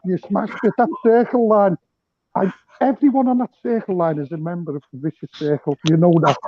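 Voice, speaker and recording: A man's voice: sits high, brisk, lo-fi sound. A man from Liverpool calling in to a casual live stream, telling jokey stories. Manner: joking storyteller. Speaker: caller. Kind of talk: casual chat.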